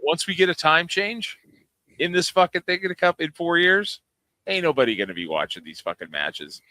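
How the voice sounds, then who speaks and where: Lively, bright-voiced, cursing podcast guy. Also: on the high side, moderate pace, no room sound. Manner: profane, blunt opinions. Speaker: podcast co-host. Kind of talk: casual chat.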